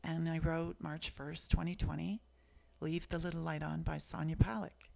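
Reflective woman with a creaky voice. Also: sits low, level tone, moderate pace. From Canada. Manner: earnest, reflective, soft-spoken. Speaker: guest, author. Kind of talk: personal storytelling in conversation.

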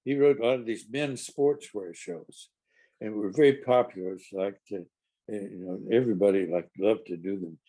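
A man's voice: fairly low pitch, normal speed, dark tone. An older man, a stage actor, telling a rambling, amused backstage anecdote with frequent restarts. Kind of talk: casual anecdotal storytelling.

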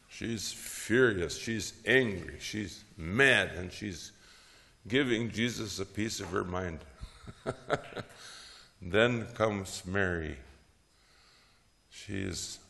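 Gravelly slow-speaking man lecturing. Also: deep voice, big-room sound. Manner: lively storytelling, frequent "huh?" tags and chuckles. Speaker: teacher of preaching. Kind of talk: lecture on preaching with Bible stories.

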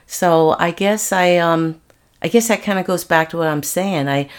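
Woman, middle-aged, deep voice, interview guest, reflective, candid storytelling. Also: moderate pace, smooth. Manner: earnest, reflective, frequent restarts.

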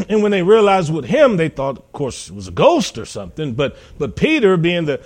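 Male preacher, higher register, storytelling sermon that swells to emphatic peaks. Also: huge pitch swings, moderate pace. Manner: storytelling, acting out voices of biblical figures; rises to loud, emphatic peaks.

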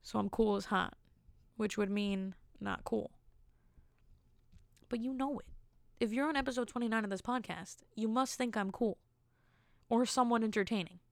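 Gravelly-voiced young woman rambling on her podcast. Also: a little high, moderate pace, long pauses, no room sound, clean studio sound. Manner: rambling, self-amused, jokey asides. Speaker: podcast host. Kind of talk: casual solo podcast storytelling.

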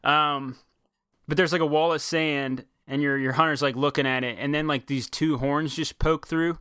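On the podcast, a young male co-host rambles casually, leaning on fillers and frequent restarts. His voice is on the high side with fairly even intonation and a moderate pace, bright and forceful yet clean, recorded in a studio with no echo.

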